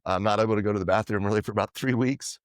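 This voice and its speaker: A man being interviewed as a podcast guest, telling lively anecdotes and acting out what others said. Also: on the low side, very fast, smooth, no echo, clean studio sound. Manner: animated anecdotes, quoting others in dialogue. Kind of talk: casual storytelling interview.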